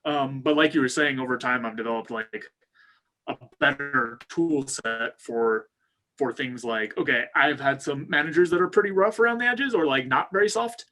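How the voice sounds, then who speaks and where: A man's voice: mid-range voice, moderate pace. A man co-hosting a podcast, talking casually and at ease, sharing experiences from his own work. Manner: relaxed, lots of fillers, tells stories from his own work life. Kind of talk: casual chat.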